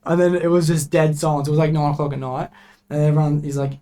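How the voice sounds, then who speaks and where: A young man, a podcast guest telling work stories in a casual, animated way full of swearing. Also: on the high side, quick pace. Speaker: podcast guest, refrigeration tradesman.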